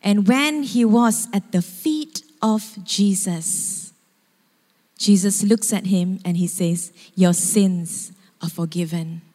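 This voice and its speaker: A woman pastor preaching a sermon as she retells a story with animated storytelling. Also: mid-range voice, slow pace. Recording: long hall reverb.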